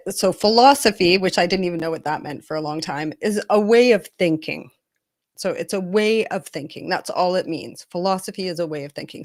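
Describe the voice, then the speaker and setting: A woman's voice: on the low side, no echo. A woman who works as an intimacy coach, talking candidly and earnestly in a personal vlog, with frequent restarts and close to tears at times.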